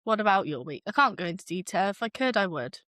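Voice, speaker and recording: A woman's voice: mid-range voice, sing-song, fast talker, a bit bright, dry recording, clean studio sound. A young woman co-hosting a podcast as the daughter, playful and teasing, with lots of giggling. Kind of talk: casual chat.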